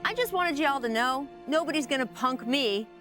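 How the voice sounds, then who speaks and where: Woman playing a brash teenage rookie guy, swaggering, boastful, higher voice, lively pitch. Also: moderate pace, soft background music. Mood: cocky. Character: brash cocky teenage male basketball rookie.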